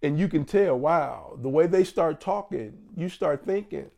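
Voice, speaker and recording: A man in his fifties preaching a sermon as a guest pastor, with emphatic swings and slow stressed phrases. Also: on the high side, expressive, vocal fry, a little mellow. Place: church.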